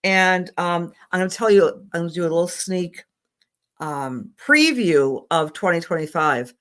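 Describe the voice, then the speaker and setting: A woman's voice: on the low side, expressive, normal speed, fairly bright tone. A middle-aged woman astrologer giving psychic readings on a live stream, affectionate and rambling, with many fillers.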